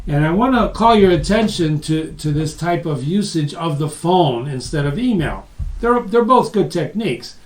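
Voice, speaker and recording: A man's voice: on the high side, animated, moderate pace. A man giving a live webinar lecture, talking conversationally and repeating points for emphasis. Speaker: webinar presenter. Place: room with live audience online. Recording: roomy, distant mic.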